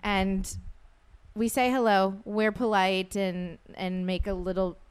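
A woman's voice: medium pitch, slow, clean tone. Chatty woman telling a travel story. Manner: animated, laughing, acts out quoted voices. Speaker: podcast co-host. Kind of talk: casual storytelling chat.

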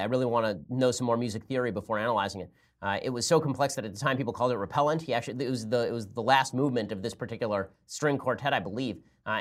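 Talkative male podcast host. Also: mid-range voice. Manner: conversational, explaining at length. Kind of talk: political commentary podcast.

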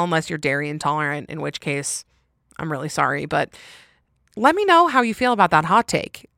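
A young woman chats through her solo podcast with a fairly low voice, recorded dry and close. She is opinionated and quick to laugh at her own takes. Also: fairly bright tone, dry recording. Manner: chatty and opinionated, laughing often. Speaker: podcast host. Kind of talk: casual solo podcast chat.

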